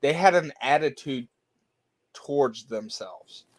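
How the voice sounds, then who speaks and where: Brief: male co-host, mid-pitched, easygoing anecdote teller. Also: animated, slow pace, very noisy. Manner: storytelling, laughs easily. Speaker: podcast co-host. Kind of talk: casual chat.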